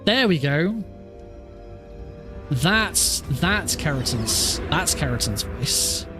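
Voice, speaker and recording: A man's voice: on the high side, big pitch swings, slow, music in the background. A man streaming a speedrun, talking casually and rambling, often restarting his sentences as he fixes his setup. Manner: rambling, self-correcting, chatty. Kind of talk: casual live-stream chat.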